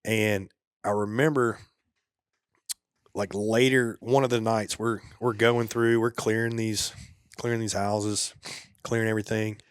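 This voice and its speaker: A man, a former soldier guesting on a podcast, telling a war story in a casual, laid-back way. He drops to a quiet murmur at the grim parts. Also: on the low side, little pitch movement, measured pace, pauses often, clear, resonant tone, dry recording, studio quality.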